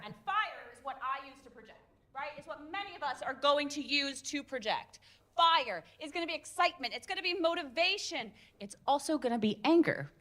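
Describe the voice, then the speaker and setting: This is an energetic woman with a fairly high-pitched voice, coaching a room on public speaking. She leans on quick check-ins with her listeners and drops into demonstration voices to show each point. Her delivery swings widely in pitch. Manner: demonstrative, shifts voice to show examples, keeps asking "right?"; energetic, self-described lots of fire in her voice. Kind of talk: live workshop talk.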